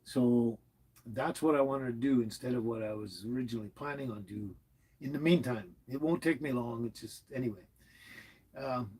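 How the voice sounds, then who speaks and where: A man's voice: medium pitch, slightly rough, low-quality recording. A man hosting a casual live stream, rambling and chuckling as he answers his chat from inside his motorhome. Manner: rambling, chuckling, warmly chatty. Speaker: livestream host reading chat.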